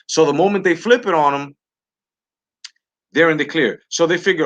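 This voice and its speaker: A man's voice: a little high, normal speed, pauses often, a bit bright. A man hosting a live talk stream, ranting heatedly and profanely, with many restarts and repeated words. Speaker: livestream talk show host. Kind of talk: heated political rant to a live chat.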